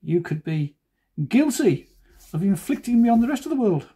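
Mellow husky-voiced joking cartoonist man. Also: high-pitched, sing-song, moderate pace. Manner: joking, self-deprecating asides. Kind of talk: chatty drawing commentary.

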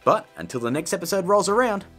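A man's voice: sits high, big pitch swings, quick pace, fairly bright tone, slightly rough, faint music behind. A man hosting a casual editing tutorial, chatty and upbeat with jokey asides. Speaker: video tutorial host.

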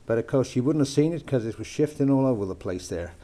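In his home lounge, an older man from the United Kingdom puts on an American accent for a homemade, chatty, jokey knot-tying lesson full of hesitant fillers. His mid-range voice is warm and fast with lively intonation.

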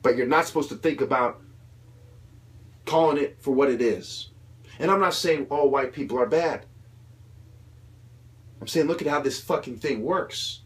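A man's voice: medium pitch, normal speed, long pauses. A young man delivering a heated, profane political rant, mocking the people he criticizes in put-on voices. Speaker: video commentator.

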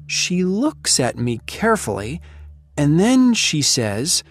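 A woman narrating a story in first person, reading slowly and clearly for language learners. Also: sits low, sing-song, faint music behind.

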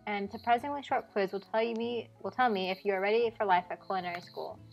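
Upbeat cartoonish dog teacher, voiced by a woman streamer, game-show energy, mid pitch, faint music bed. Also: vocal fry, highs cut off, lightly acted. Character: peppy talking dog professor at culinary school.

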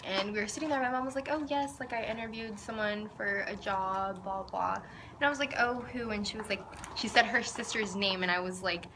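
A teenage girl casually telling a personal story, saying "like" a lot. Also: mid-range voice. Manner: chatty, says "like" a lot. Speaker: vlogger. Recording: audible background noise.

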